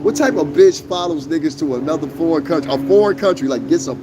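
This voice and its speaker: A man's voice: fairly high pitch, fast, noisy background. A man ranting on a live stream, blunt and profane, repeating his points for emphasis. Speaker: YouTube streamer. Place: outdoors on a lawn.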